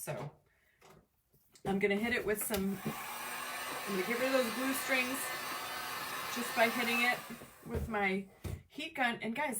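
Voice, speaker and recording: A woman hosting a live crafting demo from home, chatting with viewers by name in an excitable, chatty way. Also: medium pitch, recorded from a distance, background noise. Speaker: crafting livestream host. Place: home craft table, camera on tripod.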